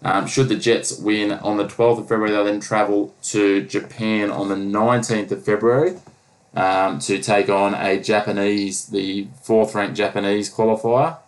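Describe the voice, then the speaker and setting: Male podcast co-host, low and even, rambling with fillers. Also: moderate pace, rough recording. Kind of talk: casual sports chat.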